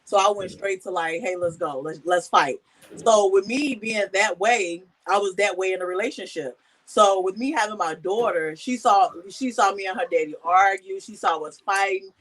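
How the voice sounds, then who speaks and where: A woman sharing a personal story in casual talk, animated and acting out the voices she quotes. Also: medium pitch, normal speed, few pauses, poor audio. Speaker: guest.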